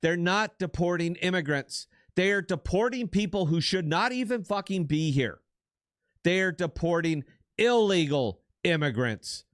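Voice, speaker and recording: A man's voice: sits high, animated, a little slow, dry recording. Middle-aged man, podcast co-host, blunt profane rant, dry close sound. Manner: blunt, profane, emphatic ranting. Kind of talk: heated political commentary.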